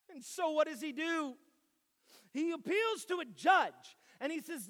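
A man with a very high, light voice delivers a sermon in an animated way, swinging from loud declarations to near-hushed asides. The sound carries a long reverb, as if it were recorded in a large church hall. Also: normal speed. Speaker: pastor.

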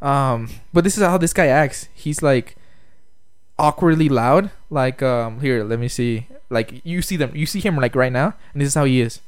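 A man's voice: medium pitch, moderate pace, smooth, dry recording, studio quality. A young man co-hosting a podcast, rambling in casual chat with lots of fillers and laughter. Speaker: podcast co-host.

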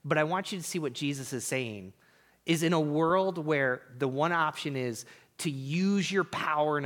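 A man in his thirties preaching a sermon in a church, chatting casually and swinging between loud emphasis and hushed, near-whispered lines. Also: medium pitch. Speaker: pastor. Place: church sanctuary.

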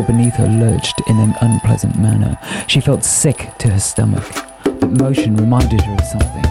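A man narrating an audiobook in a measured, unhurried storytelling manner. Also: on the low side, steady tone, creaky. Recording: narration over music.

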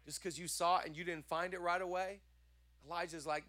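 A man preaching a sermon with a notably high voice, pressing the same encouragement again and again. He slips easily into chatty, joking asides. The sound is close and dry. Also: a little fast, no room sound. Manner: energetic, repetitive exhortation. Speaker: pastor.

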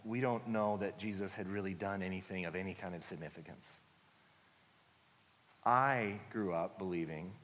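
A man preaching a sermon in a conversational, earnest way, dropping soft and slow for reassuring lines. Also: sits low. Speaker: guest preacher, book author. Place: church sanctuary. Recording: long church hall reverb.

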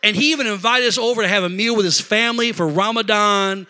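A middle-aged man preaching a sermon in a church, telling a story in an animated, emotional way and talking straight to the congregation. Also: high-pitched, quick pace, smooth. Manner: animated, emotional, talks to congregation with "y'all" and "amen". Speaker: pastor. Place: church sanctuary.

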